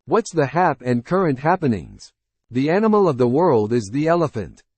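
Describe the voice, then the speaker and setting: A man announcing an upcoming show episode in a lively promo style. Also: medium pitch, normal speed, slightly rough, no echo.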